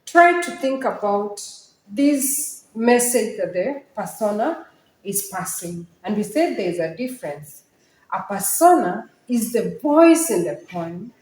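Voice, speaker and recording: A woman's voice: mid-range voice, sing-song, darkish tone, reverberant, low-quality recording. A woman teaching a literature lesson on poetry, speaking emphatically and asking her students questions. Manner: emphatic, questioning, slow and deliberate.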